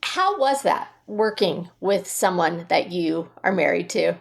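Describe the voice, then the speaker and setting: A woman's voice: fairly low pitch, lively intonation, a little slow, gravelly. A woman hosting a podcast, asking her guest questions and affirming her answers in easy conversation. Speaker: podcast host. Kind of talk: interview questions.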